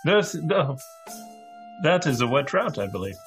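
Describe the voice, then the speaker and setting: A man's voice: fairly high pitch, sing-song, moderate pace, over music. A man playing a tabletop role-playing game, talking hesitantly with lots of ums and dry jokes. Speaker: player.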